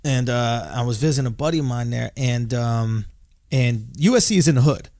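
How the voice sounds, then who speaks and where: Gravelly New man, dry close mic. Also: medium pitch, a little fast, warm tone, no room sound. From New York. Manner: profane, joking, laid-back. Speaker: podcast co-host. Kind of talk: casual comedic storytelling.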